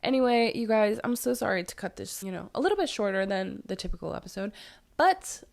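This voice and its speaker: Raspy-voiced woman giving relationship advice. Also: medium pitch, expressive, a little fast. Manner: earnest advice-giving, repeats phrases for emphasis. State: hoarse, voice tired. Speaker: podcast host. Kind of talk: solo podcast talk.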